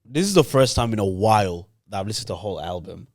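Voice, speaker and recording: A man's voice: fairly low pitch, expressive, fast talker, a little mellow, no echo, studio quality. A man co-hosting a podcast, talking eagerly in a casual chat and laughing easily. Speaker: podcast co-host.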